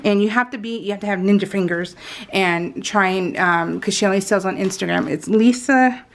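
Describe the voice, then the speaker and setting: Woman craft vlogger, casual and gushing, slips into whispers; gravelly texture. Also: mid-range voice, normal speed. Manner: gushing and excitable, often dropping to a soft whisper. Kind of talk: casual unboxing chat.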